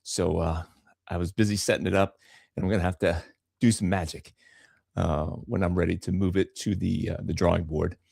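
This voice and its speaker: A man's voice: low-pitched, fairly even intonation, normal speed, vocal fry, darkish tone, husky, dry recording, clean studio sound. A man hosting a live drawing stream from home, rambling casually with many fillers and repeated words. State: a little out of breath. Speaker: comic artist hosting a live draw stream. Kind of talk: casual livestream chat.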